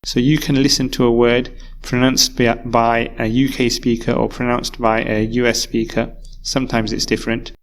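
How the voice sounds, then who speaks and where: A man's voice: medium pitch, little pitch movement, normal speed, slight background noise. A man teaching a recorded English vocabulary lesson, explaining patiently and repeating key words. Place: university course video.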